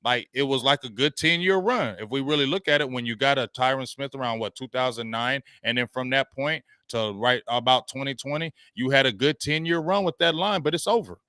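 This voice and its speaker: A man hosting a sports talk show, ranting about his team in slangy, animated talk and reading out viewer comments. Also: mid-range voice, brisk, few pauses, smooth, dry recording, clean studio sound.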